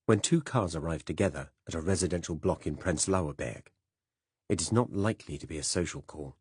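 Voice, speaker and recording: A man narrating a first-person spy novel as an audiobook in a measured, even way. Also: low-pitched, breathy edge, dry recording, studio quality.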